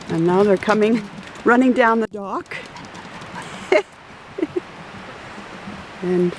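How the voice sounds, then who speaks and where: A woman's voice: medium pitch, a little mellow, a little hiss or hum. A woman dog breeder narrating a casual outdoor video beside a pond, chatty and coaxing as she calls to the dogs.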